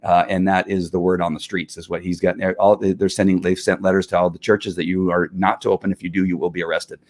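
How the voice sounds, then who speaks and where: A man's voice: low voice, level tone, quick pace, darkish tone. A middle-aged man hosting a casual solo livestream, rambling and opinionated, with frequent laughs and fillers. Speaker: host.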